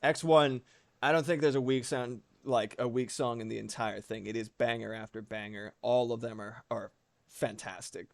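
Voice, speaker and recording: A man's voice: medium pitch, moderate pace, gravelly, no room sound. A young man chatting casually on a livestream while he draws, rambling and swearing with lots of fillers. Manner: animated, profane, rambling with many fillers. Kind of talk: casual chat while drawing.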